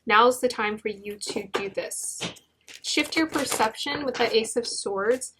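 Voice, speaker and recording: A young woman giving a gentle, encouraging tarot reading, with many restarts and fillers. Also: fairly high pitch, a little slow, noisy background. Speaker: tarot reader.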